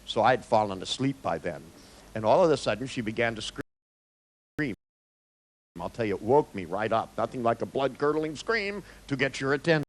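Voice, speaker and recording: A man who works as a therapist, telling a story in an animated way, acting out the scenes and often breaking off and restarting words. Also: medium pitch, low-quality recording. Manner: halting, with frequent restarts. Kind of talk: storytelling talk.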